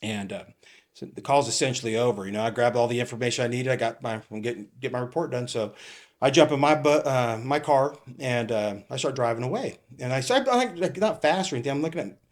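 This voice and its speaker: A middle-aged man from California, a retired police captain, telling animated stories as a podcast guest and laughing often. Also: medium pitch, quick pace. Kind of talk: casual storytelling.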